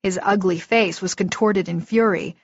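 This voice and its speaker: A woman narrating a first-person audiobook in a steady, vivid storytelling manner. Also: medium pitch, normal speed, no room sound. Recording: dull lo-fi recording, dry.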